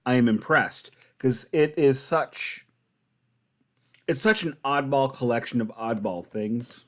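A man's voice: medium pitch, slow pace, a bit bright. A man co-hosting a podcast in casual chat, enthusiastic and wry, often restarting his sentences. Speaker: podcast co-host.

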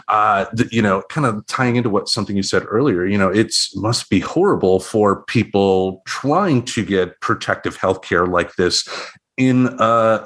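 A man co-hosting a casual podcast, his voice a little low. He talks in halting bursts, restarting often and leaning on "you know." He is a parent discussing things plainly. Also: a bit bright. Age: young adult or middle-aged, a parent. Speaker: podcast co-host.

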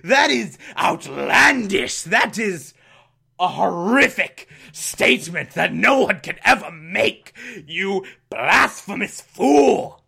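A man voicing a pompous older police commissioner who speaks slowly and loudly in outrage. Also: sits high, sing-song, vocal fry, husky, heavily acted. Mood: outraged. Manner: loud, slow, outraged.

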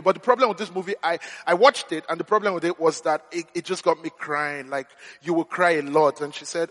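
A man's voice: fairly high pitch, steady tone, fast talker, fairly bright tone, big-room sound. A man preaching a sermon, telling humorous, self-deprecating stories. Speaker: pastor.

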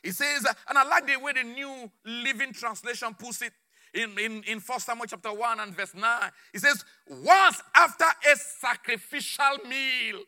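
A man preaching a sermon with fervor, repeating phrases and swinging between shouts and low murmurs. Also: steady tone, normal speed.

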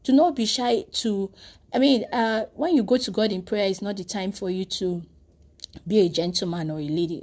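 A woman gives a devotional sermon. Her voice is mellow and slightly husky. She speaks earnestly, often restarting phrases as she tells her stories. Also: mid-range voice, expressive, a little slow. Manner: earnest storytelling with frequent restarts. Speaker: preacher.

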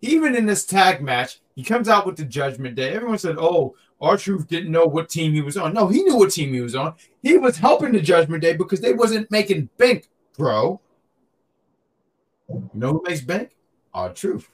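In a laid-back wrestling chat, a podcast co-host jokes and keeps circling back to the same points with plenty of animation. His voice sits high, he is very animated, and he speaks at a normal speed.

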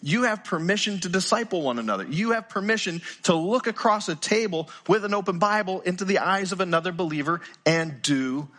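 An older man preaching a sermon in a bright, forceful voice that sits a little high for a man. He talks earnestly, stumbling over the first word of a sentence now and then. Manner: earnest, repeats words when starting sentences. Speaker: pastor.

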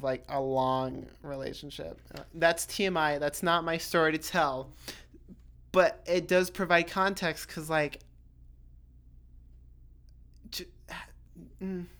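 Young woman, casual solo podcast, slightly low pitch, rambling, profane, filler-heavy. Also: a bit bright. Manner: chatty, swears freely, self-interrupting with lots of "like". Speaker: podcast host.

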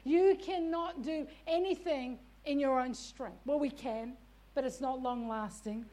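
A woman preacher delivering an exhorting sermon, repeating "come on" and "stop it" and rising to shouts. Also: sits high, a little slow. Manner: shouts at peaks.

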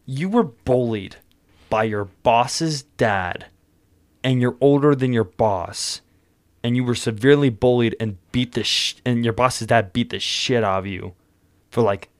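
A man's voice: medium pitch, measured pace. A man co-hosting a podcast in casual chat, rambling and profane, with many fillers. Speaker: podcast co-host.

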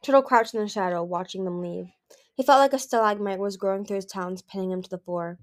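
A woman's voice: mid-range voice, fast. A woman reading a fantasy novel aloud, with occasional slips and self-corrections. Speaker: reader. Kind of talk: audiobook reading.

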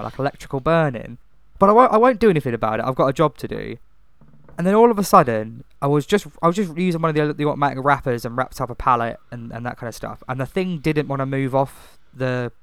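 A young man in casual chat, laughing and swearing through relaxed banter. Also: medium pitch, creaky, clear, resonant tone, dry recording.

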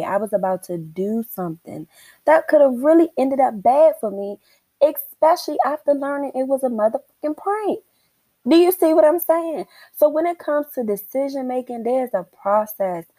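Young woman podcaster, solo storytelling, salty and lively, acts out her own thoughts, dry close recording. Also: on the high side, dry recording, poor audio. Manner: animated, profane, acts out her own inner dialogue. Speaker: podcast host. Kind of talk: casual storytelling monologue.

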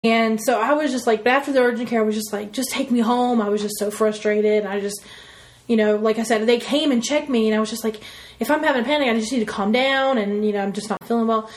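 A woman's voice: a little high, fast talker. A woman telling a personal story in casual conversation, rambling with lots of fillers and acting out what people said. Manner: rambling, full of "like" and "you know", acts out quotes. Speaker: interviewee.

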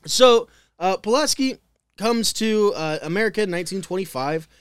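Wry, slightly high-voiced man telling a story. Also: lively intonation, moderate pace, clean tone, no room sound. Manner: wry, laughing, swearing. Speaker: podcast co-host, storyteller. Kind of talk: casual storytelling chat.

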